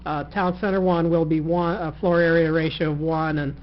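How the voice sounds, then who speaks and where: A man presenting to county commissioners as a planner, speaking in a measured way with hesitant fillers. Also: a little high, little pitch movement. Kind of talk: staff presentation. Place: county commission meeting room. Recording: muffled recording with faint noise.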